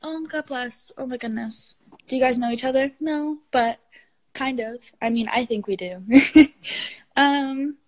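A woman's voice: high-pitched, unhurried. A young woman hosting a casual phone livestream, gushing and affectionate with her callers and her pet. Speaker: livestream host.

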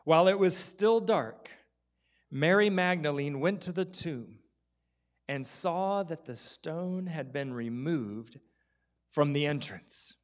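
A man's voice: a little high, slow. A man preaching a sermon as pastor in a church, telling stories and dropping to whispers for effect. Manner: storytelling, acts out quoted voices, drops to whispers.

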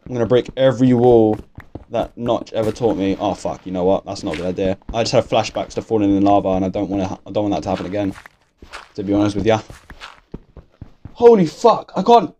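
A young English man giving casual, excitable gameplay commentary from his bedroom, swearing constantly and talking to himself. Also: lowish voice. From England. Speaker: gaming youtuber. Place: bedroom at home.

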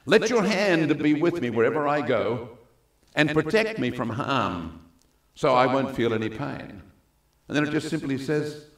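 A male pastor preaching a sermon in an animated way, acting out the voices of the people he quotes. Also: mid-range voice, vocal fry, reverberant.

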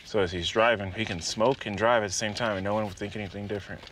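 A man's voice: fairly low pitch, fairly even intonation, fast, fairly bright tone. A man working as a sheriff's deputy, firm and matter-of-fact, explaining a traffic stop to the camera. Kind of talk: on-scene police commentary. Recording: music underscore behind.

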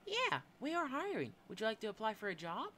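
Man putting on a squeaky chirpy recruiter. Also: wildly swooping pitch, fairly quick, pushed and bright, a little hiss or hum, exaggerated voice. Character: squeaky high-voiced job recruiter.

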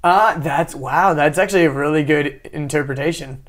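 A man hosting a podcast, easygoing and quick to riff on his guest's stories in a casual interview. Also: fairly high pitch, fairly bright tone. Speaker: podcast host.

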